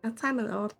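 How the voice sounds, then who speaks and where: Giggly Swiss German woman streamer. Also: sits high. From Switzerland. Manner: giggly, frequent laughs. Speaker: vtuber streamer. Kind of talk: casual game stream chat.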